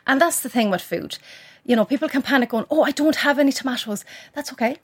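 A middle-aged woman, chatting practically as a cookbook author guest and sharing quick cooking tips. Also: high-pitched, breathy edge. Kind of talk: casual cooking chat.

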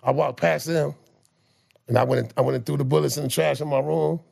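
A man telling street stories in casual chat, with profane slang, animated delivery and stammering restarts. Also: fairly high pitch, fairly quick, gravelly. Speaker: guest telling life stories.

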